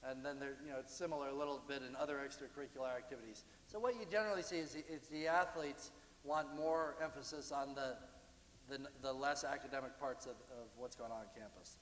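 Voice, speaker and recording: A man giving a university lecture about slides, talking in a conversational, halting way with frequent restarts. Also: mid-range voice, steady tone, fairly bright tone, a little hiss or hum. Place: lecture hall. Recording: echoey hall, distant.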